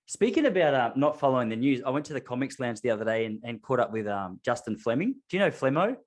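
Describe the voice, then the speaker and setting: Aussie male podcast host, quick rambling anecdotes, self-deprecating. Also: mid-range voice, sing-song. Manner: rambling anecdotal storytelling with self-mocking humor. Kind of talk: casual chat.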